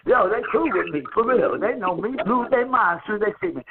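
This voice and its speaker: A man's voice: sits high, normal speed, pauses often, crowd noise. A man hosting a casual call-in chat over the phone, telling loose, profane stories and laughing often. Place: a friend's house. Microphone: phone line. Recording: tinny phone line with faint noise.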